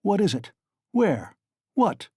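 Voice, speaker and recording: Male narrator doing an enraged young student, shouting, pitched up, dry close sound. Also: sing-song, slow pace, husky, dry recording, heavily acted. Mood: furious. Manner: furious, shouting and demanding. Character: angry young male student, proud and desperate.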